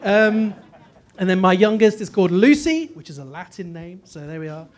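A man in his forties with a posh English accent shares his life story as a guest speaker. His voice sits unusually high for a man, and he keeps undercutting himself with dry jokes. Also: animated, moderate pace. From Northeast England. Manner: self-deprecating, jokey. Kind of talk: humorous personal testimony.

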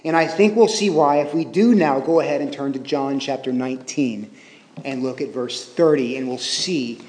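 A man's voice: medium pitch, moderate pace, darkish tone. Guy preaching a sermon, chatty, keeps asking the crowd questions, big echoey church sound. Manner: conversational, asks the listeners questions. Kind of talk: expository sermon. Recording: reverberant hall.

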